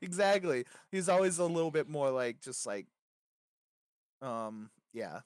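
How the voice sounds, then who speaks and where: A man co-hosting a casual gaming podcast, animated and rambling, swearing freely with lots of fillers. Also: fairly high pitch, measured pace, smooth, no room sound, studio quality. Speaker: podcast co-host.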